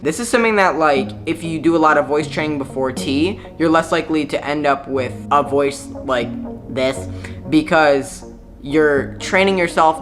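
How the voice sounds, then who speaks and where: Chatty, frank man vlogging over music. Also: a little high. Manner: frank, chatty, full of filler words. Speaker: YouTuber. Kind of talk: casual vlog talk. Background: background music.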